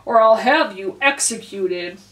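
A woman's voice: mid-range voice, lightly acted. A woman doing a stern, blustering storybook king. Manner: slow, stern, threatening. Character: blustering, threatening male king judging a trial. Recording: roomy echo.

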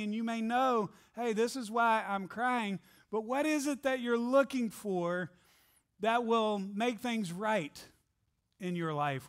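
Earnest high-voiced preaching man. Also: a bit bright. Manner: earnest, asks repeated rhetorical questions. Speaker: pastor. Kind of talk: Easter sermon. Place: church sanctuary.

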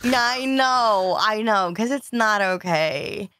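A woman co-hosting a podcast in casual chat, animated and quick to laugh. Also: mid-range voice, clean tone, dry recording. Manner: laughs often, animated storytelling. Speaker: podcast co-host.

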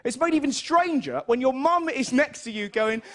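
A young man with an English accent doing a lively stand-up comedy routine on stage, telling stories and acting out his mother's lines. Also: very high-pitched, moderate pace, very noisy. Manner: animated storytelling, puts on his mum's voice in quotes. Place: stage in front of a live audience.

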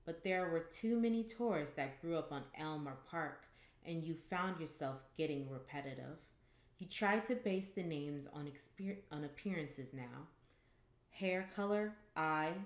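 Low-voiced woman reading a story aloud. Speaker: booktuber reading a short story. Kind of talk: audiobook-style story reading. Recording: echoey room.

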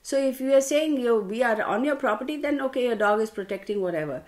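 Woman tarot reader, casual rant, animated and exasperated. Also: fast. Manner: animated, exasperated storytelling with sudden pitch jumps; addresses listeners as y'all. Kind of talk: casual ranting monologue.

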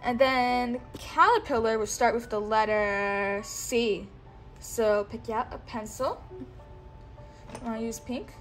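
A woman teaching a child one-on-one, speaking slowly and patiently and repeating words for the child to say back. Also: on the high side, faint music behind. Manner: slow, coaxing, repeats words for the child to echo.

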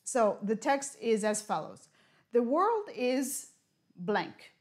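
Woman teaching English slowly. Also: on the high side. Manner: slow, clear teacher talk with riddles and Hebrew glosses. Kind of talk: broadcast classroom lesson.

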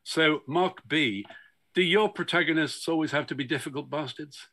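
A man's voice: a little high, normal speed, sharp tone. A man chairing a book festival panel, putting questions to the writers in a chatty, teasing way. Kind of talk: moderating a panel discussion.

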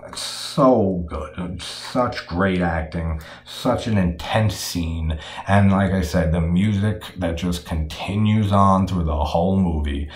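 Deep-voiced man rambling through a film recap. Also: echoey room. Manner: rambling, profane, with frequent fillers and laughs. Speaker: horror film discussion host. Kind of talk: casual film recap and commentary.

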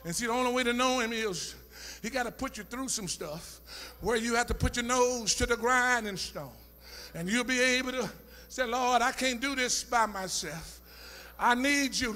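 A male pastor preaching a sermon, his voice high and ringing, lifting from talk into shouted and half-sung lines with a call-and-response rhythm. The sound is bright and edged. His words echo through a church sanctuary with a long reverb tail. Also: normal speed.

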